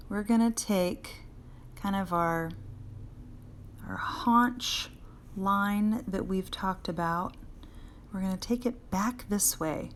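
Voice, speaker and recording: A woman's voice: fairly low pitch, slight background noise. A woman teaching a live drawing lesson to children, chatting and encouraging as she draws, recorded on a handheld phone. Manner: chatty, encouraging, talks while drawing and answers viewers by name. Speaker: art teacher. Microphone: phone held in hand.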